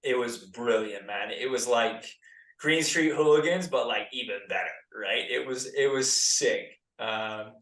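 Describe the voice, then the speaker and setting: An American man in his thirties, a former pro soccer player telling stories as a podcast guest in a relaxed, chatty way full of filler words. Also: medium pitch, measured pace, distant mic. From United States. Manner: laid-back, lots of "like" and "dude". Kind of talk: casual podcast storytelling. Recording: roomy, set back from the mic.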